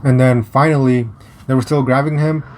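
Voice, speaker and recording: A young man from the United States telling a personal story in a casual vlog, halting and restarting often, blunt and profane. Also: medium pitch, fairly even intonation, a little mellow, a little hiss or hum. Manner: rambling, halting with many restarts and fillers.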